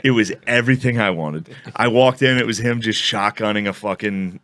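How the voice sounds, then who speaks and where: A man's voice: on the low side, normal speed, fairly bright tone. A man comedian telling stories in laid-back, slangy banter, laughing often. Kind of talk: casual storytelling banter.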